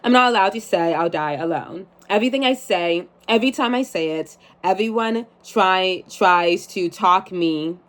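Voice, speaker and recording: A woman's voice: on the low side, moderate pace, hardly any pauses, fairly bright tone. A woman in her twenties chatting casually and reading aloud from her journal, swearing and laughing at herself. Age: 20s.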